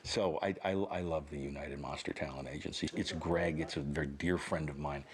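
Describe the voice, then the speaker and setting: A man's voice: extremely low pitch, steady tone, normal speed, crowd noise. A man giving a documentary interview, speaking in an affectionate, rambling way.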